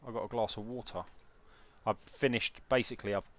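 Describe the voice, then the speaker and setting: A man's voice: fairly low pitch, steady tone, a little fast. A young man hosting a live game stream, chatting casually and swearing while fixing his setup and reading chat. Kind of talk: casual live gameplay commentary. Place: home room with PC setup.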